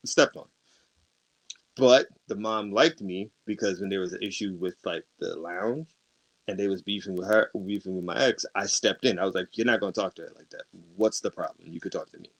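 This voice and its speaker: A podcast co-host with a somewhat low, slightly bright voice tells a long personal story in casual conversation. He acts out the arguments and laughs often.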